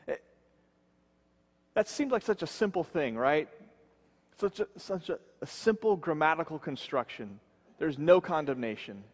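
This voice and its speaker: A man preaching a sermon as pastor, earnest, slowing and dropping his voice low to stress key words. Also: long reverb tail. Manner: earnest, slows and drops low for emphasis.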